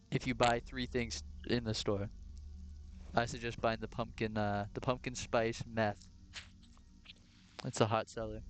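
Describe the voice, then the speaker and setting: A man streaming a game, joking around and playing along as a shop clerk talking to customers. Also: mid-range voice. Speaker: gaming streamer. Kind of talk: joking gameplay commentary.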